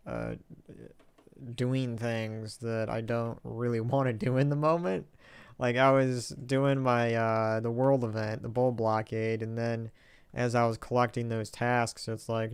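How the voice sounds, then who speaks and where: A man with a clear, resonant, medium-pitched voice and no echo streams a game live. He talks in a casual, rambling, hesitant way, tossing in wry, self-mocking asides and reading viewer chat aloud.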